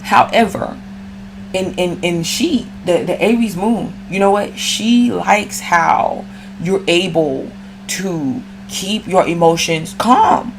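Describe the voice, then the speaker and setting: A woman with a fairly low voice gives a casual astrology reading. She talks in a loose, slangy, chatty way and speaks straight to her listener, with a faint hum behind her. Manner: slangy, chatty, addresses viewer directly. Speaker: astrology reader.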